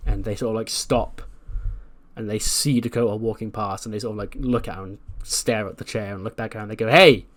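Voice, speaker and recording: A man's voice: lowish voice, level tone, fairly quick. A man casually narrating a wrestling management game run, chatty and full of fillers. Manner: chatty, filler-heavy recapping. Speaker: game commentator.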